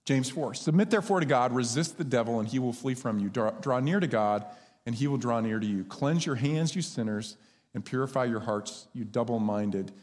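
A man preaching a sermon as pastor, conversational and lively when he tells stories. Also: mid-range voice, moderate pace. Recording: long hall reverb.

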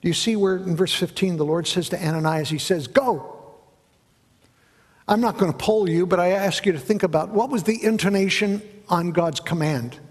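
Man, pastor, sermon, high-pitched, husky voice, storytelling delivery, long hall echo. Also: a little fast, few pauses. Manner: animated storytelling preaching, asks the congregation questions. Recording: echoey hall.

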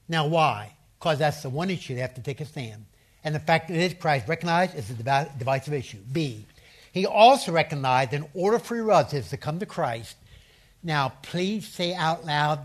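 A man preaching a sermon in a slightly raised voice. He hammers his points home by repeating phrases and has the congregation speak verses aloud with him. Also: a little high. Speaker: preacher and seminary professor.

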